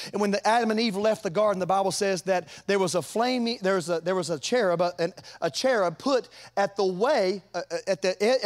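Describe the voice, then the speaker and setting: A man preaching a sermon, fervent and folksy, climbing to loud peaks and dropping to quiet asides. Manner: fervent, rises to shouts then drops low; folksy, repeats words.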